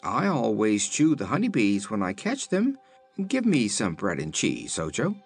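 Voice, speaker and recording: A man's voice: fairly low pitch, wildly swooping pitch, a little slow, breathy edge, soft background music, heavily acted. A man voicing an obstinate, greedy storybook beast that loves to chew. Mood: stubborn. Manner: obstinate, matter-of-fact. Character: greedy stubborn beast, male, munching.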